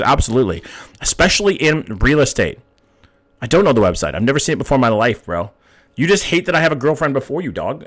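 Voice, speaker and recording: A man's voice: mid-range voice, a bit bright. A young man hosting a live stream, chatting casually with viewers, reading chat aloud and swearing often. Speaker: livestream host reading chat.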